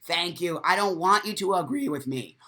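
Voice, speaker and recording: A man's voice: high-pitched, big pitch swings, brisk, bright, forceful tone. A man hosting a casual live stream, talking bluntly and swearing freely, and reading out viewer comments as he goes. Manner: reads viewer comments aloud.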